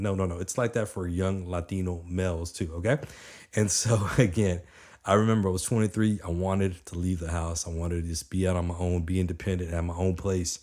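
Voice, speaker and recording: A man in his thirties giving an energetic, conversational motivational talk, often checking in with his listeners. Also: low-pitched, brisk. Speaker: motivational speaker.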